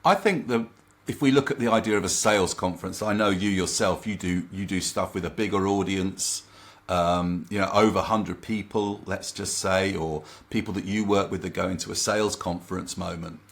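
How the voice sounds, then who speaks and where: Man, lowish voice, guest coach, casual storytelling, animated anecdotes, acts out quotes. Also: moderate pace, gravelly. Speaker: confidence coach and trainer.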